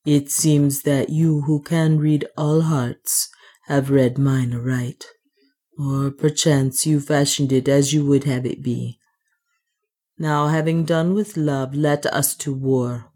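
A woman reading aloud, voicing a grave, heartbroken warrior king who speaks slowly and gently. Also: deep voice, steady tone. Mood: grave sorrowful.

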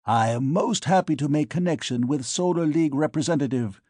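A man's voice: fairly high pitch, brisk, mellow, no room sound, voice pushed up, natural voice. A man voicing a formal male alien ambassador from a canine species who speaks in stilted, broken English.

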